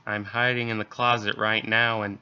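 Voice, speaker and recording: A man's voice: fairly low pitch, level tone, normal speed, clean tone. A man reading as a terrified hiding mother. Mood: panicked. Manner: hushed, panicked pleading. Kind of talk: creepypasta reading. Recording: dull lo-fi recording.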